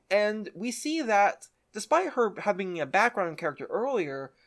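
A podcast co-host casually recapping a show, retelling scenes with enthusiasm. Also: medium pitch. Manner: enthusiastic retelling with quoted voices.

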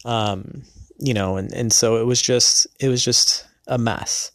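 A man telling a personal story in a hesitant, earnest way, pausing often with filler sounds. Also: mid-range voice, a bit bright, dry recording, studio quality. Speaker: person recounting a past marriage.

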